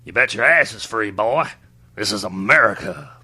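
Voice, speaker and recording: Man acting loud boastful Texan author, gravelly drawl, bright tone, husky. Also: on the low side, lively intonation, normal speed, no room sound, full character voice. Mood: belligerent. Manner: brash, hollering.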